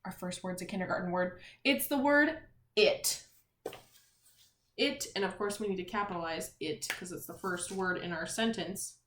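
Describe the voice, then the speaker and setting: A woman teacher leading a reading and spelling lesson for young children, sounding out letters and words in a clear, encouraging way. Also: on the low side, normal speed, fairly bright tone, reverberant, slight background noise.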